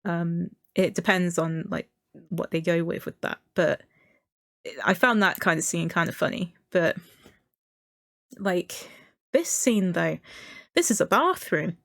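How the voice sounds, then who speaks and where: A woman with a fairly low voice talks casually as a streamer, upbeat and full of "like" and "um" with small laughs along the way. Her voice is close and dry, with no room sound at all. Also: lively intonation, slow, vocal fry, long pauses, a bit bright, no echo. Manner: chatty, enthusiastic, frequent fillers and small laughs. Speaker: streamer reviewing a movie trailer. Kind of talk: casual commentary.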